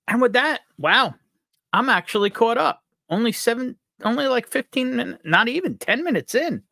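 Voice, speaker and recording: A man's voice: very high-pitched, animated, normal speed, creaky, sharp tone, no room sound, studio quality. A man from upstate New York hosting a live stream, upbeat and jokey as he greets viewers by name. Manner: upbeat, jokey, reads out chat names. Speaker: livestream host.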